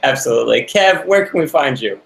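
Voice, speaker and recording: A man's voice: mid-range voice, expressive, brisk, vocal fry, a bit bright. A young adult man hosting a casual recap chat, laid-back and playful, often laughing as he talks. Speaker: show host and former houseguest. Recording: roomy echo.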